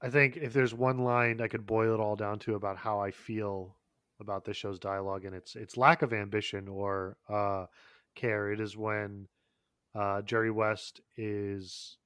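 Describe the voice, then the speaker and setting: A man's voice: fairly low pitch, a bit bright, clear, resonant tone, no echo, clean studio sound. A man co-hosting a podcast in casual chat, talking in long rambling runs with frequent fillers, restarts and swearing. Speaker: podcast co-host.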